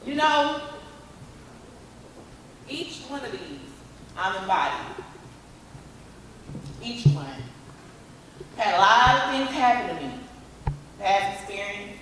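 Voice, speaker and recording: A woman motivational speaker giving an animated talk, coaxing audience volunteers with repeated calls. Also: mid-range voice, background noise. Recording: echoey hall from far off.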